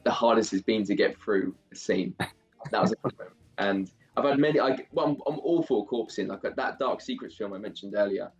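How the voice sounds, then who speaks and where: A young man with a Southeast London accent, an actor chatting casually as a guest, rambling and quick to laugh. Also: on the low side, highs cut off, faint music behind. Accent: Southeast London English. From England. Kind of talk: casual interview chat.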